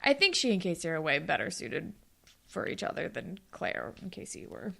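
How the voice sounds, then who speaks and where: A woman's voice: lowish voice, sing-song, normal speed, gravelly, sharp tone. A young woman co-hosting a podcast, animatedly recapping a TV episode with sarcastic quoted voices. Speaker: podcast co-host. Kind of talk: casual recap chat.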